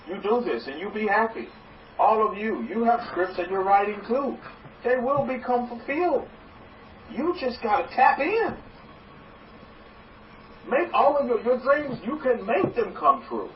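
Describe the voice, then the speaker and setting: A man preaching as a rabbi, emphatic and repetitive, with dramatic swings in pitch. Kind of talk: preaching sermon. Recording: echoey, distant, dull lo-fi with faint hiss.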